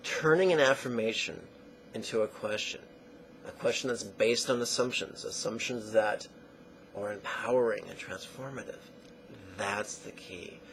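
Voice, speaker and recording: Gravelly-voiced male meditation teacher. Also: on the low side, slight background noise, low-quality recording. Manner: slow, deliberate phrasing that trails into soft near-whispers. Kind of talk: guided meditation lesson.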